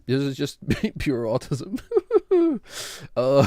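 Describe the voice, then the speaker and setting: A man's voice: medium pitch, animated, takes it slowly, a little mellow, no room sound. A man near forty talks through his home music setup, rambling, joking at his own expense and laughing as he goes. His voice sits in a middle register, close and dry on the mic with no room sound. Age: late 30s. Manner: chatty, self-deprecating, laughs often. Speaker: streamer and home music producer. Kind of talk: casual rambling explanation.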